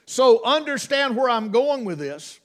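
A man's voice: very high-pitched, very animated, a little slow, fairly bright tone. A man preaching a sermon, emphatic, with restarts and rhetorical questions to the congregation.

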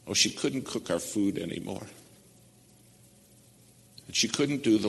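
Deep-voiced preacher man in echoing hall. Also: lively intonation, unhurried, gravelly, long pauses. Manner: swings between loud emphasis and hushed near-whispers. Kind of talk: sermon with storytelling. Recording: long hall reverb.

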